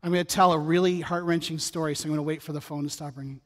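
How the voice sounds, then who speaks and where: A middle-aged male pastor delivers a sermon in a high voice, breaking into joking asides and a personal story. His words ring out with a long reverb from the church sanctuary. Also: fairly even intonation, rapid-fire, fairly bright tone. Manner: conversational, humorous asides, storytelling.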